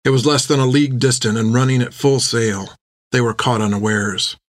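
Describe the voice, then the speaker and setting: A man's voice: medium pitch, normal speed, no room sound. Man narrating a story in a dry close voice. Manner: steady, even storytelling. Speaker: audiobook narrator.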